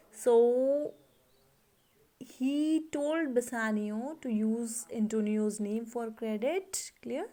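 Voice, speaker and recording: Woman teacher, indian english accent, slightly high voice, patient line-by-line explaining. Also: a little mellow. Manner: explains line by line, checks with "clear?". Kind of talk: classroom literature lesson.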